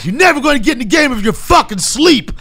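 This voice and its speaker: A man doing a comedic impression of a foul-mouthed fitness zealot who rants and shouts without letup. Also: very high-pitched, sing-song, quick pace, heavily acted. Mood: ranting. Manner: shouting, profane, relentless motivational rant. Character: ranting foul-mouthed male fitness zealot, middle-aged.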